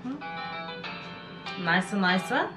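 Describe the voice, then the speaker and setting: A woman hosting a casual music video reaction, chatty and excitable, exclaiming often. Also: mid-range voice, very slow. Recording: echoey room with music behind.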